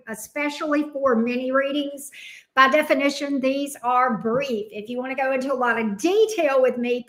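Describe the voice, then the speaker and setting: A woman's voice: high-pitched, pushed and bright. A woman with a Southern US accent hosting a tarot livestream, chatting casually and greeting viewers by name in a bubbly way.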